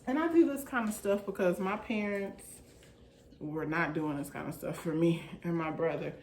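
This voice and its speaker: A mother who home-schools her kids films them baking in the home kitchen for a casual vlog. Her fairly low voice moves at a moderate pace, relaxed, chatty, and colloquial as she teases them with ease. The room sounds roomy, with faint background noise.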